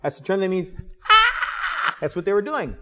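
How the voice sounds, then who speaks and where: A man preaching a Bible sermon in a conversational, animated way, with many fillers. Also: high voice, fast. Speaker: pastor.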